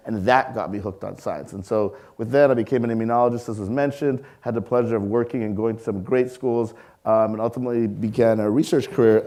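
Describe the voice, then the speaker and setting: Male speaker, 40s, warm low-toned lecturer, animated storyteller addressing a hall audience. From Canada. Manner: lively storyteller, acts out voices, engages audience with questions. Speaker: science museum leader giving a public talk. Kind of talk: public lecture with personal stories.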